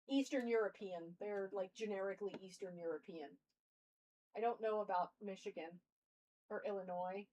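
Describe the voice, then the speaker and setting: A woman's voice: mid-range voice, poor audio. A young woman streamer musing aloud in casual live-stream chat.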